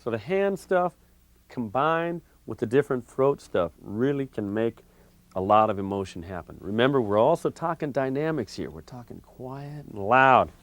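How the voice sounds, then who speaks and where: A man giving a relaxed, conversational harmonica lesson, explaining technique step by step with frequent fillers. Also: mid-range voice, normal speed. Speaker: harmonica teacher. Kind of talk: instructional video lesson.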